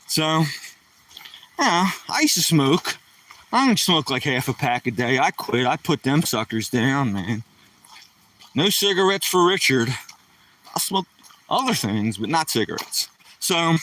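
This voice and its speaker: A man's voice: on the high side, big pitch swings, unhurried, pauses often, pushed and bright. A middle-aged man rambling and joking casually on a live stream, somewhat far from the mic.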